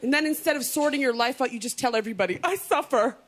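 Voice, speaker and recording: A woman's voice: a little high, racing. A woman doing a stand-up comedy set, bawdy and punchy, breaking into exaggerated impressions. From North America. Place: comedy stage before a live audience. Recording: loud studio audience laughter and noise.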